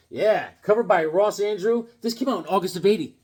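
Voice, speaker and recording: A man in his fifties showing off his comic books in a casual joking vlog, acting out voices with sudden loud outbursts. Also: sits high, normal speed, hardly any pauses, breathy edge.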